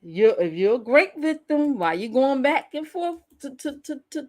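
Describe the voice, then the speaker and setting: A woman's voice: high-pitched, animated, unhurried, hardly any pauses. A woman hosting a casual commentary channel, talking bluntly and candidly and often laughing as she reacts. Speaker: YouTube commentary host.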